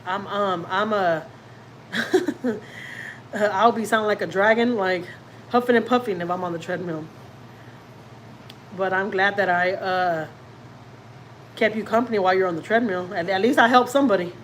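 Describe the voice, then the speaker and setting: A woman's voice: mid-range voice, moderate pace, long pauses, a little hiss or hum, low-quality recording. A woman chatting casually with viewers on a livestream from home, rambling and teasing herself as she reads their comments. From Houston, Texas. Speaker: family vlogger hosting a livestream. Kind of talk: casual livestream chat, reading comments aloud.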